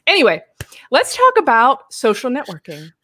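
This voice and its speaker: An American woman hosting a casual live chat show, talking chattily with frequent laughs and animated asides. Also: high-pitched, moderate pace, no room sound, studio quality. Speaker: host.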